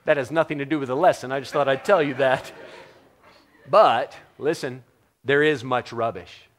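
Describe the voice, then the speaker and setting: A man's voice: mid-range voice, steady tone, normal speed, slight background noise. A middle-aged man from the United States preaching a sermon in a conversational, joking way, often putting questions to the congregation. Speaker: pastor.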